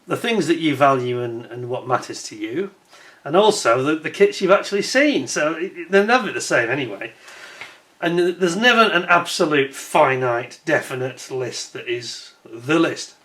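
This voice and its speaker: Slightly high and sing-song, his voice moves at a moderate pace with a bit of brightness. As host of his own scale-model channel, he talks casually to the camera, chatty and self-deprecating, laughing often.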